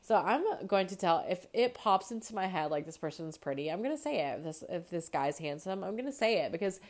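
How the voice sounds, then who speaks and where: A woman's voice: on the low side, fairly quick. A young woman in her twenties with a slightly stuffy nose, chatting casually as a podcast host and filling her talk with "like". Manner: chatty, lots of "like", animated asides. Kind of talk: casual chat.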